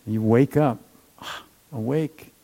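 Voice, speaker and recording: A man giving a gentle, unhurried meditation talk, with many fillers and trailing phrases. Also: medium pitch, gravelly, rough recording. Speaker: meditation teacher.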